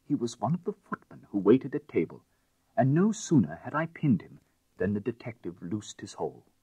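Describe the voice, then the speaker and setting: A man narrating a classic tale as an audiobook in a measured, expressive way. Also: mid-range voice, slightly rough, dry recording.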